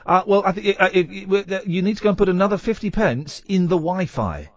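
A male radio host chatting and teasing his co-host, meandering from one story to the next. His voice is a little husky and swings up and down with plenty of life. The sound is dry and close, straight off a studio microphone. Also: high-pitched, expressive, fast, dry recording, muffled recording. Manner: rambling, playful and teasing. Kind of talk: late-night radio banter.

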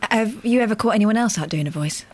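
A woman co-hosting a radio show, talking in a chatty, teasing way. Her voice sits at an ordinary middle pitch as she trades anecdotes with the host. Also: lively intonation, fast, slight background noise. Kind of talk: casual radio chat.

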